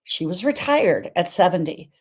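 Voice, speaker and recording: Very animated, this Montana woman in her seventies hosts a virtual health event, delivering an emphatic, repetitive inspirational talk with big shifts in pitch and volume. She speaks at normal speed with a darkish, breathy-edged voice.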